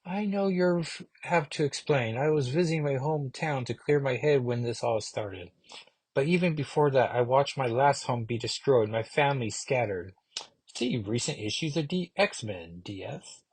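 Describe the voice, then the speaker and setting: A man voicing a cocky but kind young sorceress, in a high falsetto with a put-on Russian accent. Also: lively intonation, moderate pace, breathy edge, dry recording. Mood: reassuring.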